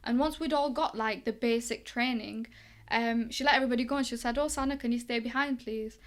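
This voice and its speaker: A woman's voice: a little high, a little fast. A young woman from England, telling stories in a casual interview and acting out the dialogue. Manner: chatty, lively, acts out quoted dialogue. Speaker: guest, boxing coach.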